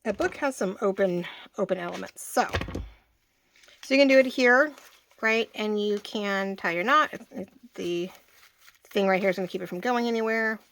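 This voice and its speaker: A woman's voice: medium pitch, normal speed, a bit bright, a little hiss or hum. A woman in her forties hosting a casual craft tutorial, chatty and rambling, often restarting her sentences as she works. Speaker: craft channel host.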